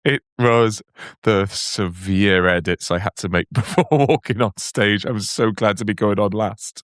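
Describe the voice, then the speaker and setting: A man's voice: lowish voice, measured pace, no room sound, clean studio sound. A man co-hosting a comedy podcast, telling stories from gigs in a laid-back, wry way. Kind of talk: casual comedy chat.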